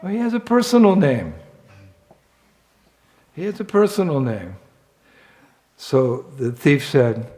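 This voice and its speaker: A man's voice: on the high side, sing-song, slow, pauses often, darkish tone. A man giving a sermon at a temple, telling a story with humor and asides. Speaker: temple speaker.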